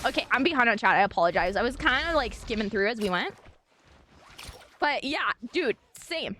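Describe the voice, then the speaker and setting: A woman's voice: fairly high pitch, sing-song, normal speed, bright, forceful tone, faint music behind. A woman streamer chatting casually and animatedly, laughing often and swearing freely.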